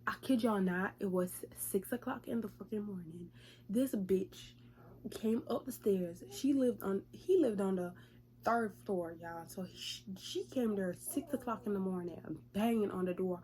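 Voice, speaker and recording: A young woman vlogger in casual storytime, retelling events in a profane, chatty, lively way. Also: medium pitch, moderate pace, a little hiss or hum.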